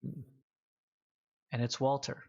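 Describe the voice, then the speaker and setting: Guy gm-ing a tabletop rpg, slow easy delivery, kinda dull lo-fi mic. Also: medium pitch, flat delivery, vocal fry, a little mellow, slightly rough. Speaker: game master. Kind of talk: narrating a tabletop game.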